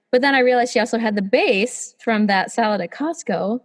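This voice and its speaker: A woman in her thirties hosts a casual podcast interview, voice a little high. She is eager and affirming. She often laughs along with her guest. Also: brisk, hardly any pauses. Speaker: podcast host.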